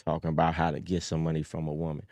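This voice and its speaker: A man hosting a live call-in show, talking casually in a streetwise, preachy way that swings from low mutters up to high emphatic bursts. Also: monotone, fast, a little mellow, dry recording. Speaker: host. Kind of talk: casual livestream talk.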